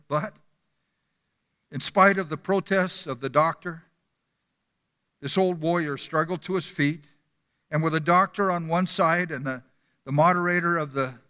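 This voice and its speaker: A man's voice: a little high, bright, forceful tone. A man preaching a sermon in a church hall with a long reverb, telling stories earnestly and often repeating words.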